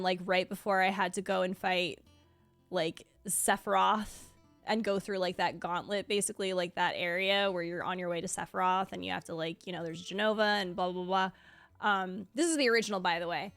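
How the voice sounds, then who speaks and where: A woman's voice: medium pitch, fairly bright tone, no echo. A woman streaming a video game, chatting casually and gushing, with lots of "like" fillers. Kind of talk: casual live-stream chat. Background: faint game music.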